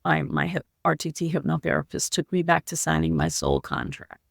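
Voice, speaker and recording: A woman guest on a podcast, telling her personal story in an earnest, heartfelt way, in slow, halting phrases. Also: deep voice, sing-song, gravelly, dry recording, clean studio sound. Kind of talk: personal story told in an interview.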